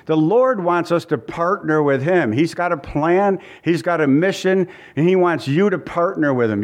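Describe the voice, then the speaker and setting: Earnest pastor preaching conversationally. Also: male voice. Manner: earnest, conversational preaching with repeated phrases and asides; reads scripture in a slower, lower voice. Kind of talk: sermon.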